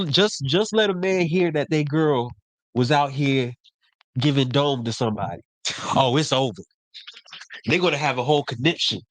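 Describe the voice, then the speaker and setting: Young man, casual co-host, animated storyteller, mid pitch, dry close sound. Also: no echo. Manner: animated storyteller, acts out quoted voices. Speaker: podcast co-host. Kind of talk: casual chat.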